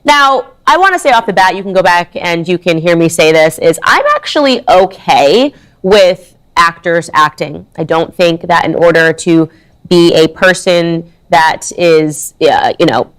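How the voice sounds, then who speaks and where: A woman's voice: fairly low pitch, animated, unhurried. A woman giving chatty, sarcastic opinion commentary, explaining her view at length. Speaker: online commentator.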